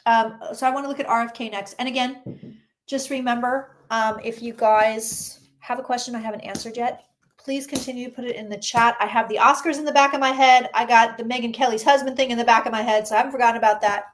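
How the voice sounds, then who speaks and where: A talkative woman with a fairly high voice, reading tarot cards live for her viewers. She talks casually and exclaims freely as she answers questions from the chat. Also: fairly even intonation, fast. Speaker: psychic reader.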